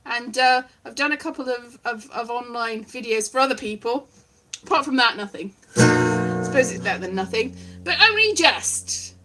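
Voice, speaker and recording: A woman's voice: on the high side, lively intonation, moderate pace. A woman in a wry, self-deprecating, meandering casual monologue, vlogging with a guitar strummed in the background.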